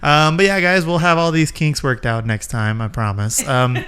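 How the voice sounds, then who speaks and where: A man's voice: fairly high pitch, fairly even intonation, normal speed, pushed and bright, smooth. A man co-hosting a podcast in casual chat, laid-back and easygoing, wrapping up the show. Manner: laid-back, easygoing, short agreeing replies. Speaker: podcast co-host.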